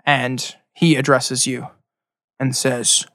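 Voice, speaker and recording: A man runs a tabletop game, describing the scene in a loose, rambling way. His voice has a gravelly edge, and it sounds close and dry. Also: medium pitch, little pitch movement, takes it slowly, a bit bright, dry recording. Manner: loose descriptive narration with many fillers. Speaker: game master.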